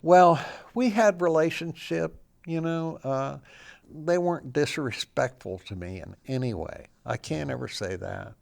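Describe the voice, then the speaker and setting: A man's voice: on the high side, expressive, measured pace, vocal fry. An older man, a guest in an interview, telling his personal story in a plain-spoken, reflective way.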